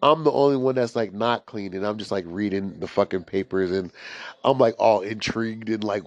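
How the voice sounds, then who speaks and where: A man's voice: on the low side, normal speed, a little mellow, no room sound. A young man telling a story in a casual, rambling way, swearing often and leaning on filler words. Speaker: storyteller host. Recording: dry, slightly dull lo-fi recording.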